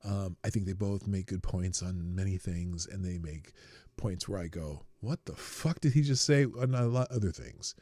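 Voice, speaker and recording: Speaking at a moderate pace with no echo, a man runs a live stream of casual unscripted chat. He reads viewers' questions and fires back blunt, profane jokes, laughing at his own humor, his voice dropping to a low mutter and then erupting into loud outbursts.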